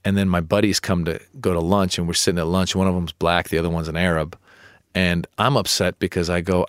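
A middle-aged male comedian telling stories in an interview, animated and acting out his own replies. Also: quick pace, clean tone, no echo, studio quality. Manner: animated storyteller, acts out his own protests in a higher voice. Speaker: comedian guest. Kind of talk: storytelling interview chat.

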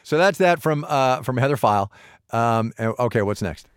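A man co-hosting a podcast in casual chat, animated and jokey, often exclaiming. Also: mid-range voice, moderate pace, clean tone, no echo, clean studio sound. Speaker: co-host.

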